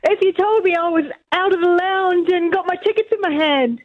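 A woman's voice: very high voice, normal speed, phone-quality sound, a crowd in the background. A woman calling a radio show, giggly and delighted. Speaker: radio caller.

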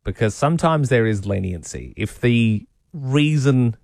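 A young man co-hosting breakfast radio, chatty and quick to laugh. His voice sits in a middle register. The studio sound is dry and close. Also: mid-range voice, lively intonation, a little mellow, no echo. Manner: chatty, storytelling, laughs easily. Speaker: radio co-host. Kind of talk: casual breakfast radio banter.

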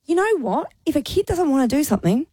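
A woman's voice: high voice, sing-song, fast, warm tone, dry recording, studio quality. A woman co-hosting a radio show, chatting frankly and giving blunt opinions. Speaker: radio co-host. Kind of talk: casual chat.

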